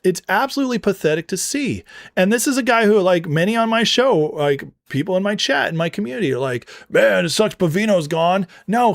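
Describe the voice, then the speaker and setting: A man's voice: a little high, dry recording, clean studio sound. A man hosting a political commentary show, ranting with heated scorn and slipping into storytelling asides. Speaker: show host.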